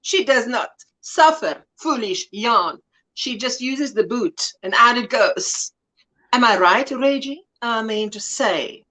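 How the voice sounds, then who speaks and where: A woman's voice: on the high side, lively intonation, takes it slowly, pushed and bright. A South African woman hosting a casual livestream chat, reading viewer comments aloud and laughing often. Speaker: livestream host.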